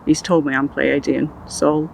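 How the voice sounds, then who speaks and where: An older woman recounting her personal experiences in an interview, in an earnest, halting way with many restarts. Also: low voice, flat delivery, gravelly, darkish tone, a little hiss or hum, low-quality recording. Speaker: interview guest.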